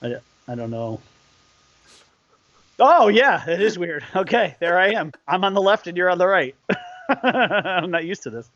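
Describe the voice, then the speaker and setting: A man co-hosting a casual live stream, excitable and quick to laugh, often trailing off mid-sentence. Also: high-pitched, no room sound. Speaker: co-host of a live stream show. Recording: dull, lo-fi stream audio.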